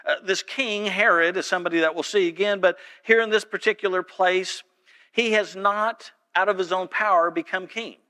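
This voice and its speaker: A man, a pastor telling a story in a folksy, animated sermon. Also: high voice, moderate pace, clear, resonant tone.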